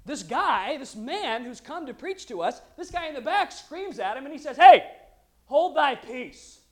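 A woman preaching a lively, conversational sermon, joking with the congregation between scripture readings. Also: sits high, normal speed. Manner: lively and conversational, with humorous asides.

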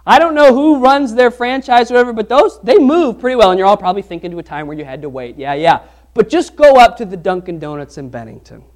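A pastor with a strikingly high voice delivers a fast sermon to his church congregation, chatting with them as if in conversation. He tells a humorous personal anecdote with animated energy, drifting into everyday stories and restarting sentences as he goes.

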